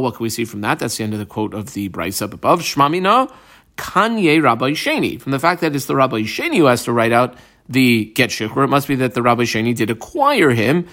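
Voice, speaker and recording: A man giving a line-by-line Talmud class at a medium pitch. He reads each Aramaic phrase aloud, then translates and explains it, and calls out the brackets and underlines he marks on the page. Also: a bit bright. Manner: calls out his page markings as he goes. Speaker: Talmud teacher.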